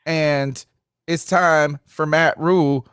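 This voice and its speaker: A man's voice: a little high, steady tone, slow pace, clean tone, dry recording, clean studio sound. Frustrated man hosting a call-in podcast. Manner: frustrated, rambling, trails off quietly. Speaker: podcast host taking calls. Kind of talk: casual postgame call-in talk.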